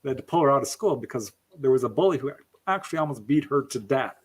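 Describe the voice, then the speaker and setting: Man hosting, calmly recounting a case. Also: medium pitch, fast, husky. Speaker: host. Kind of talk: interview talk.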